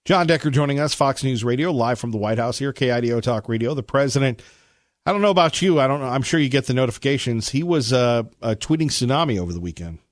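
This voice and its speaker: A man's voice: mid-range voice, expressive, fast talker, no room sound. A male talk radio host in a studio, chatty and upbeat, introducing guests and callers. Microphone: studio microphone.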